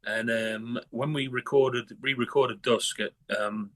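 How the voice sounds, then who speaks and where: A man's voice: mid-range voice, fairly even intonation, slow, fairly bright tone. A man from northern England talking bluntly in a casual interview, swearing a lot and restarting his sentences. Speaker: guest musician.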